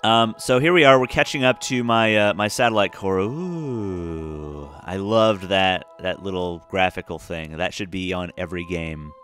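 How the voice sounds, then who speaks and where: A man's voice: sits low, a little slow, fairly bright tone, faint music behind. A tired man casually talking through a space game, rambling with lots of fillers and restarts. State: tired, yawning. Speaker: gameplay commentator. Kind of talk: casual let's-play commentary.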